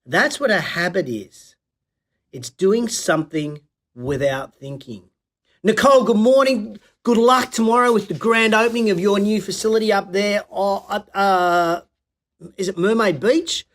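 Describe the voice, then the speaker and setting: A man's voice: high voice, a little slow, a bit bright. A middle-aged Australian man hosting a live-streamed business show, chatty and coach-like, greeting viewers by name with folksy slang.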